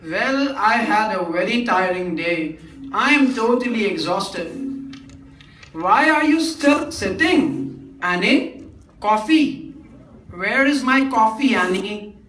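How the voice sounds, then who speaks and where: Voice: medium pitch, animated, takes it slowly, fairly bright tone, faint music behind. A performer acting a demanding, tired middle-aged father on stage, bossy and complaining. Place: theatre stage. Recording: echoey hall from far off.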